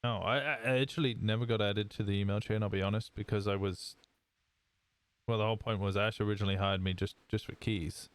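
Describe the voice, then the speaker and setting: A man chatting casually with another roleplay player, friendly and asking quick questions. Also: lowish voice, fairly even intonation, no room sound. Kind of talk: casual in-character chat.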